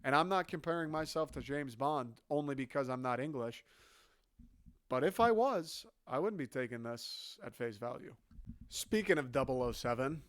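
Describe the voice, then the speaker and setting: A man's voice: a little high, no room sound, studio quality. A man from the United States giving a sarcastic, swearing comedy rant. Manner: sarcastic, ranting, swearing freely. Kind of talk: stand-up style rant.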